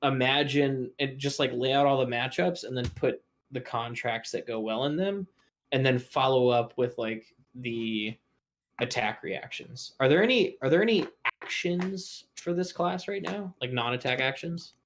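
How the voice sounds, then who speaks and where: A man co-hosting a card-game stream, working through deck strategy in relaxed discussion. He builds his points step by step, at an ordinary pitch and an even delivery. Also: moderate pace, slight background noise. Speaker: stream co-host.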